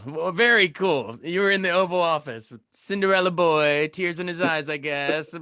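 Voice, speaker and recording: A man's voice: high voice, pushed and bright, no room sound, clean studio sound. A man hosting an interview, reacting with enthusiasm and stumbling over his words as he asks questions. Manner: enthusiastic reactions with stammered restarts. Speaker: interview host. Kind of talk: casual interview chat.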